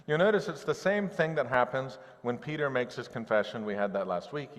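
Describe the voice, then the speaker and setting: A man's voice: mid-range voice, animated, a little fast, long reverb tail. A male pastor preaching a sermon in a conversational way, with humorous asides.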